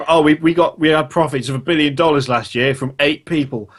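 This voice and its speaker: A fast-talking British man riffing sarcastically on a gaming podcast. He swears a lot and rattles off his jokes quickly. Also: a little high. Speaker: podcast co-host. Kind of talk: casual gaming podcast chat.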